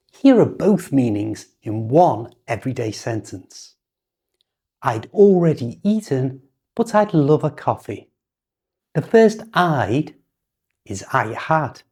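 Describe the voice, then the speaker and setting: British woman, English teacher; patient, unhurried delivery, soft warm tone. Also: extremely low pitch, slightly rough. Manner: patient, instructive, over-articulated examples. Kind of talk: slow, clear teaching with model sentences.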